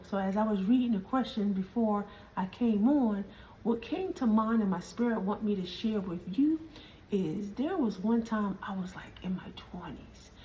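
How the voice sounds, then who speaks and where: A woman hosting a motivational podcast, telling a personal story and slowly repeating her questions for emphasis. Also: on the high side, mellow. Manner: slow, emphatic repetition of questions. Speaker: podcast host. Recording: distant mic with faint background noise.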